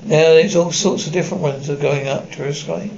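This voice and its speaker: A man's voice: on the high side, steady tone, brisk, gravelly, a little mellow, a little hiss or hum. Man reading a horror tale, lo-fi. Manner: reads stage directions aloud between voices. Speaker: narrator reading a horror story with all parts. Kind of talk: dramatic story reading.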